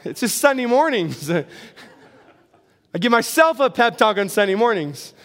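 A man's voice: extremely high pitch, very animated, unhurried, a bit bright. A middle-aged man preaching a sermon as pastor, conversational, asking the congregation questions and joking about himself. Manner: conversational, asks the congregation questions, self-deprecating humor.

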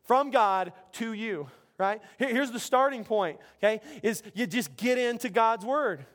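Male pastor, middle-aged, high voice, casual animated sermon delivery. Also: a little slow. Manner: conversational, animated, self-interrupting preacher.

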